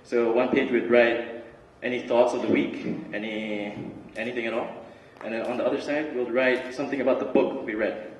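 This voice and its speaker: A young man giving a relaxed, chatty student talk with lots of fillers and restarts. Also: mid-range voice, normal speed, few pauses, slight background noise. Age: young adult. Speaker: student speaker. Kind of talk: casual student talk and spoken word. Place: large hall. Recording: roomy hall recording from far off.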